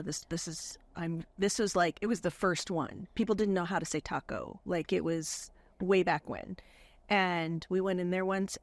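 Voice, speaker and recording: A woman's voice: lowish voice, dry recording. Chatty earnest woman podcast host. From California. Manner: earnest, chatty, many "like" fillers. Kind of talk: casual chat with guests.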